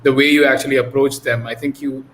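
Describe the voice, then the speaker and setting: A man's voice: medium pitch, level tone, fast, fairly bright tone, poor audio. Man, interview host, casual, short affirmations, faint background noise.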